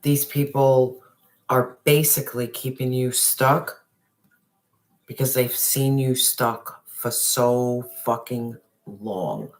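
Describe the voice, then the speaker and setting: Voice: mid-range voice, takes it slowly. A tarot reader giving an intense, emphatic reading to a viewer, with slangy address and swearing, sometimes dropping to a whisper. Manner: drops to a whisper on some phrases.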